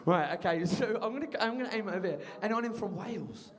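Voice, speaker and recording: High, lively stand-up comic from Birmingham. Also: male voice, fast talker, in a large hall. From Birmingham, England. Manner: crude, rambling, crowd work. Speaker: stand-up comedian. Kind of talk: stand-up comedy set. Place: student bar venue.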